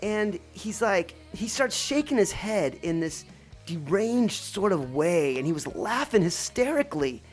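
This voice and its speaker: Low-voiced woman telling a personal story. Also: sing-song, unhurried, breathy edge, faint music behind. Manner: reflective, rambling, with many restarts.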